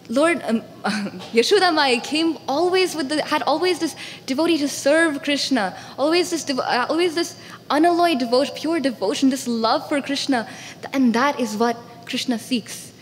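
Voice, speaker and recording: Animated woman telling a devotional story. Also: high-pitched, long reverb tail, a little hiss or hum. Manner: animated, voices characters. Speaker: storyteller speaker. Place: temple hall.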